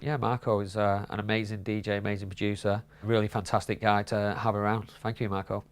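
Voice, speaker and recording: A man's voice: fairly low pitch, little pitch movement, fairly quick, over music. A man counting down his favourite club DJs in a casual, rambling way, with many fillers and restarts.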